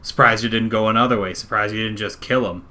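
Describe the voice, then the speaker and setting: A man playing a gaudy crime boss who has lost his footing. He blusters and pushes back, pitched up and loud. The voice stays bright and forward. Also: steady tone, fast talker. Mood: mocking. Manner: blustering, defensive. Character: nervous gaudy male thug boss.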